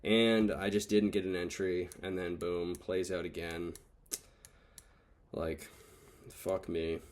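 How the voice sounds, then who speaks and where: A man's voice: low-pitched, level tone, moderate pace, a little hiss or hum. A man recapping his day trades over charts, frustrated and swearing as he thinks aloud. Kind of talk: casual screen-recorded trade recap.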